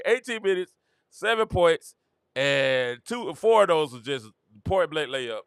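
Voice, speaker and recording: A man hosting a casual sports commentary livestream, talking in an animated, slangy and rambling way, often repeating himself. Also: a little high, fairly quick, no room sound, clean studio sound. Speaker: host.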